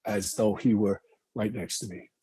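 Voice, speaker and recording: A man's voice: lowish voice, fairly even intonation, normal speed, dark tone, breathy edge. A middle-aged man, telling stories bluntly as a podcast guest, with frequent restarts and swearing. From New York. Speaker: guest, actor and firefighter. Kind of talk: casual podcast interview.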